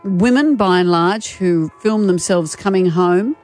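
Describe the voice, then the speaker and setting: A woman's voice: on the low side, measured pace, darkish tone, soft background music. Conversational female radio co-host. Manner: conversational, leads the topic. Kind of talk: casual radio banter.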